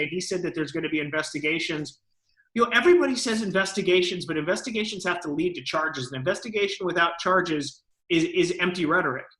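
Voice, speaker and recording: A man's voice: fairly high pitch, pushed and bright, roomy sound, rough recording. A man co-hosting a political talk show, giving emphatic, lawyerly commentary.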